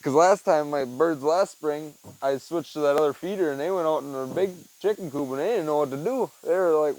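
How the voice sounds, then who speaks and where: A man's voice: fairly high pitch, a little fast, poor audio. A young man vlogging casually while he works on a chicken feeder, rambling and saying "dude" and "man" a lot, on a wearable mic. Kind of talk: casual chat while working. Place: backyard with chicken coop and tool bench.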